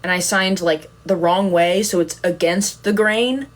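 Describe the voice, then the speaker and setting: A woman's voice: on the low side, a little slow. A young woman chatting casually on a livestream, telling rambling, giggly, self-deprecating stories. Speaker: content creator on a livestream.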